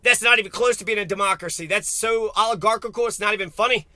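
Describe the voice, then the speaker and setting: Man, very high voice, sharp tone, dry close sound, profane mocking rant. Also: quick pace, dry recording. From United States. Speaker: political commentator. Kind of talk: opinionated solo political rant.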